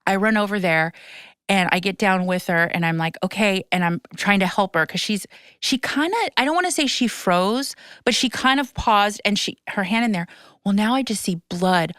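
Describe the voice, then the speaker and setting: A woman chatting on her podcast, tumbling through a story with restarts and a curse here and there. Her voice is smooth and clear, and the sound is dry and close with no room around it. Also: mid-range voice, normal speed, no echo. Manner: animated storytelling, breathless retelling with frequent restarts; swears casually. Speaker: podcast host. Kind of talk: casual chat.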